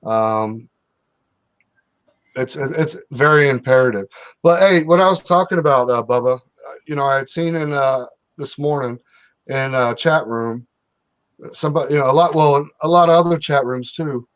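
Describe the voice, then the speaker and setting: A man's voice: medium pitch, normal speed. A man hosting a casual livestream, joking around with his co-hosts and reading out the chat. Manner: joking, then reads out chat with shout-outs. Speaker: livestream host.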